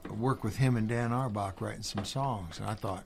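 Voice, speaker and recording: A man's voice: lowish voice, moderate pace, vocal fry, a little mellow, faint music behind. A male musician telling a story on live radio in a rambling, laid-back way, with many fillers. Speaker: musician guest. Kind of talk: casual storytelling.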